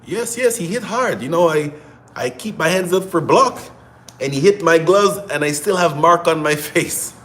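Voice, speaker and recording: A man's voice: fairly high pitch, animated, moderate pace, fairly bright tone, voice pushed up. A man imitating a humble male professional boxer with a put-on foreign accent and broken English. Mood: earnest.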